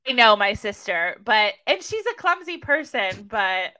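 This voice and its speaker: Bright-voiced, giggly woman co-host. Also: medium pitch, big pitch swings, measured pace. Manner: giggly, gushing, many "like"s. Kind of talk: casual chat.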